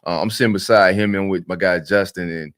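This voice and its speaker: A man co-hosting a sports podcast, talking fast and excitedly in casual chat, often repeating words. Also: low-pitched, no echo, studio quality. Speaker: podcast co-host.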